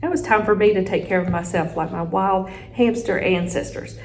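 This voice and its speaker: A woman reads a children's chapter book aloud, telling the story expressively at a middling pitch. Faint noise sits under her voice. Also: normal speed, a little mellow, low-quality recording. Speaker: teacher reading aloud.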